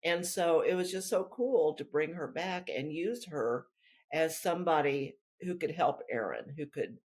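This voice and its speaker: A woman's voice: deep voice, unhurried, a little mellow, breathy edge. A woman author talking through her work in a rambling, chatty way during an interview. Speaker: author guest. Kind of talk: casual interview chat.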